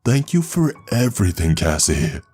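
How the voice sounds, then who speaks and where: A man voicing a deep-voiced monster lurking under a bed, taunting its victim gleefully in a horror story reading. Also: sing-song, normal speed, a little mellow, faint music behind. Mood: gloating.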